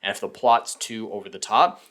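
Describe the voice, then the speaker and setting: A man's voice: lowish voice, fairly even intonation, moderate pace, a bit bright. A man hosting a fan news channel, giving sarcastic, profane, opinionated commentary.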